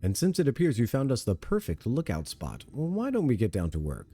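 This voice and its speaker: A man's voice: medium pitch, wildly swooping pitch, fairly quick, mellow, slightly rough, no echo. Plain-spoken adventurer companion, read aloud by a man. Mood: matter-of-fact. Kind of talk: reading game dialogue aloud.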